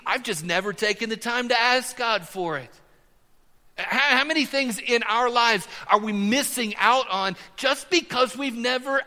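A middle-aged man, a pastor, preaching a sermon with animated emphasis, his voice rising as he drives points home. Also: extremely high pitch, in a large hall. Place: church sanctuary.

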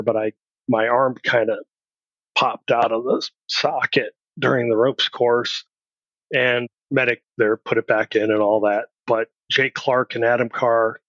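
A man's voice: mid-range voice, a bit bright, no echo. Blunt middle-aged man telling his story. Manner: blunt, plain-spoken, acts out remembered dialogue. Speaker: podcast guest. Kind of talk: candid personal storytelling. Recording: dry, slightly dull recording.

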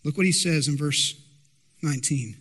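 Male pastor, emphatic sermon delivery, rhetorical questions to the crowd, high voice. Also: normal speed, fairly bright tone. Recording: long hall reverb.

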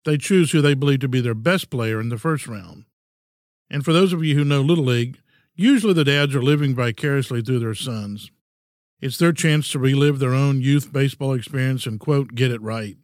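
A man in his sixties hosting a podcast, giving an earnest, measured, folksy reflective monologue. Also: medium pitch, dry recording, clean studio sound. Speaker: podcast host.

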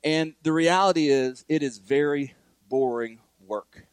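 Pastor, male, mid-high voice, earnest sermon delivery, repeats key lines, dry recording. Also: unhurried, smooth, no room sound.

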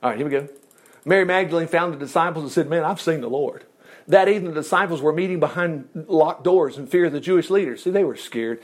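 A man's voice: a little high, fast. A man preaching a sermon, reading scripture aloud and breaking off into casual asides and chuckles. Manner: lively, asides and chuckles between verses.

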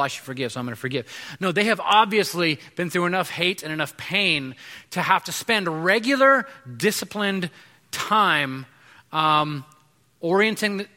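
A man's voice: high voice, sharp tone. A man in his thirties preaching a sermon to a congregation, conversational, with frequent restarts and fillers. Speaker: pastor. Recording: long reverb of a large hall.

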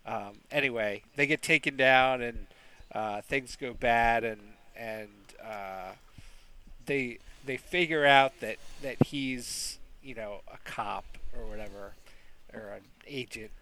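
Slow, bright-voiced man recapping a movie. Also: mid-range voice, a little hiss or hum. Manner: slow, rambling, many restarts. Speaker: podcast co-host.

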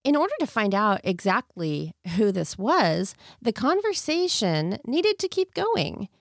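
A woman's voice: mid-range voice, big pitch swings, a little slow, gravelly, dry recording, clean studio sound. A woman co-hosting a true crime podcast, chatting casually, laughing often and reading the story aloud. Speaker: podcast co-host.

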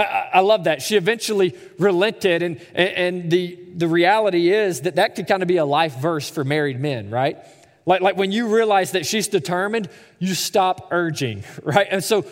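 A man's voice: high voice, moderate pace. A man in his thirties preaching a sermon as a pastor, conversational and storytelling, with stammering repeats. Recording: echoey hall reverb.

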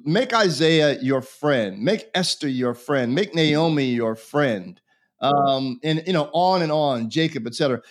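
A man's voice: fairly high pitch, lively intonation, measured pace. A bishop being interviewed, a man who talks in an earnest, preacherly way and repeats phrases for emphasis. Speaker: bishop, guest. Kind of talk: conversational religious interview.

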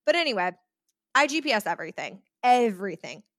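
A woman's voice: mid-range voice, big pitch swings, a little fast, fairly bright tone, dry recording, studio quality. A woman hosting a podcast in a chatty way, often acting out the voices of people she quotes. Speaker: podcast host. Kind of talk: casual podcast talk.

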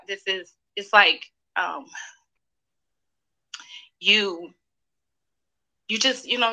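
A woman guest on a podcast in a studio, close to tears and searching haltingly for her words. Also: on the low side, bright, forceful tone, rough recording. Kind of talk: emotional conversation.

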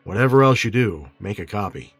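A man voicing an earnest middle-aged lawyer in an audiobook, low and solemn. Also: animated, brisk, a bit bright, breathy edge, no echo, faint music behind.

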